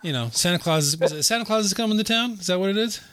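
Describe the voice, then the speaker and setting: A man's voice: high voice, expressive, very fast, a bit bright, clean tone, no room sound. A man in casual conversation about a movie, rambling with many fillers and restarts.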